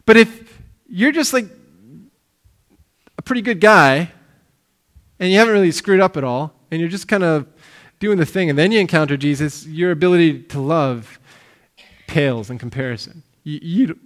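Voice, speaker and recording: A man as pastor, giving a casual, animated sermon with frequent restarts and loud and quiet swings. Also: fairly high pitch, moderate pace, long pauses. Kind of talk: conversational sermon.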